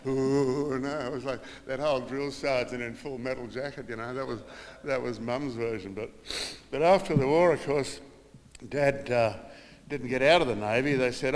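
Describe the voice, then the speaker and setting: A man's voice: medium pitch, normal speed. An older man with an Australian accent gives a eulogy for his mother, telling family stories, acting out the voices he quotes and chuckling as he goes. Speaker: son giving a eulogy. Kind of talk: funeral eulogy with anecdotes. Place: small funeral room. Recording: reverberant room with long echo.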